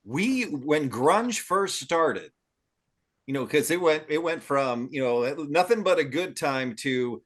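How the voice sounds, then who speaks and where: A man co-hosting a podcast, cutting in with a halting, casual aside. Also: on the high side, animated. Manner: halting, interrupting to add a point. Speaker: podcast co-host. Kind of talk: casual chat.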